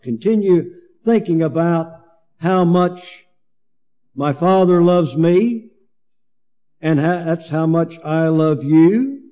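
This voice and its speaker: Male preacher, unhurried verse-by-verse teaching, warm and relaxed tone, slightly raised pitch. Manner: slow, halting, many fillers and restarts. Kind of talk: sermon, Bible exposition.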